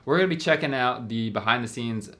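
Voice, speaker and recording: Reacting to music videos, a young filmmaker rambles with enthusiasm and plenty of fillers, sounding a bit worn from talking so long. He's a fast, animated talker with a mid-range voice and a sharp tone.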